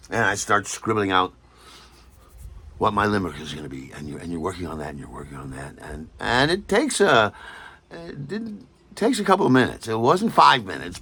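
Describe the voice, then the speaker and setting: Lively, bright-voiced man telling a story. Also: fairly low pitch. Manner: animated, stammering and acting out other people's lines. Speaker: podcast host. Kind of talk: casual storytelling.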